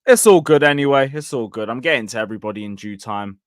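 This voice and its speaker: A man's voice: medium pitch, lively intonation, quick pace, dry recording, clean studio sound. A young man giving a blunt, sweary, rambling live review of a football match and reading viewer comments. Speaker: football fan channel host.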